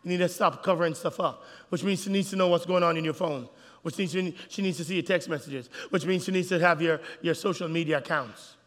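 A man preaching a sermon to a crowd of couples, animated, calling out to the men and acting out little scenes. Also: on the high side, fast. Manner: animated, acts out voices, calls out to the crowd. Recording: reverberant hall.

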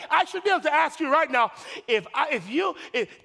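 A male pastor with a strikingly high, gravelly voice preaches with forceful, bright, animated energy at normal speed. Addressing the congregation directly, he drives points home through repeated phrases and folksy humor, his voice ringing with the long reverb of a large sanctuary.

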